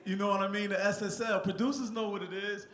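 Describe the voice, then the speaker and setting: A man's voice: high-pitched, steady tone, quick pace, fairly bright tone. A middle-aged man from New Jersey giving a rambling, heartfelt acceptance speech on a theatre stage, with many restarts. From Newark, New Jersey, USA. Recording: echoey theatre sound.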